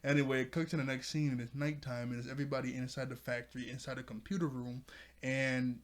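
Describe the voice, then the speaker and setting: A man's voice: mid-range voice, level tone, fast. A man reviewing a cartoon episode in a casual, rambling video chat, laughing often as he talks.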